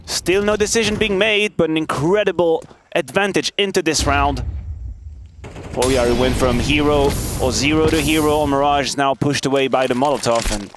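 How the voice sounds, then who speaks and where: Male color analyst, measured and dry, game noise behind. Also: fairly high pitch, steady tone. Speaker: esports analyst. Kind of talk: color commentary and banter. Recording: noisy game audio behind. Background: game gunfire and clicks.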